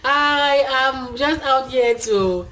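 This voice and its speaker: A woman's voice: sits high, drawn-out words, pushed and bright, low-quality recording. A young woman with a Cameroonian accent, chatting casually and upbeat to camera as the host of her channel, full of fillers. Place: indoors, talking to camera.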